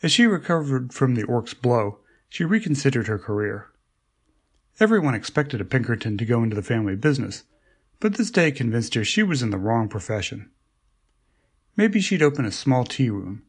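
A man's voice: mid-range voice, sing-song, normal speed, breathy edge. Man reading wry short fiction. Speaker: regular story contributor. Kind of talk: reading his own flash fiction.

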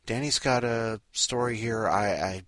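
A man's voice: on the low side, a little slow, fairly bright tone, no echo. A man hosting a podcast in a rambling, sleepy way, full of restarts and asides. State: sleepy, up at five in the morning. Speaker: podcast host. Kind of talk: casual rambling chat.

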